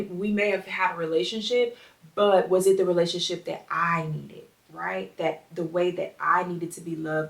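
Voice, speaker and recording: A woman podcast host with a lowish voice speaks earnestly and from the heart, her phrase ends often fading softly. The sound is roomy with a noticeable echo, and she sits a little back from the mic. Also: far from the mic. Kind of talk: reading aloud and reflecting on parenting advice.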